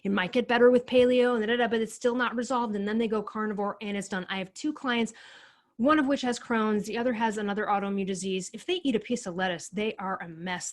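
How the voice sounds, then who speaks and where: A woman co-hosting a podcast, speaking her mind in an opinionated, ranting way in casual chat. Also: a little high. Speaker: podcast co-host.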